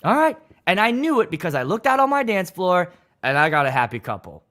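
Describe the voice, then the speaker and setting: A man's voice: sits high, a little fast. A man who works as a wedding DJ, telling a story on a livestream in a loose, profane, dramatic way. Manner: animated, profane, dramatic retelling.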